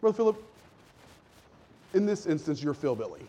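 A man preaching a lively, conversational sermon in a church, calling out to the congregation. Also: on the high side, normal speed, muffled recording, slight background noise. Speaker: pastor.

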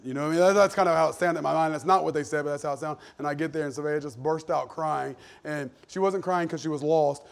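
A man in his thirties preaching a sermon in a church, shifting from loud emphasis to hushed personal storytelling. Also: fairly high pitch, quick pace, gravelly, hardly any pauses. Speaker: pastor. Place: church sanctuary.

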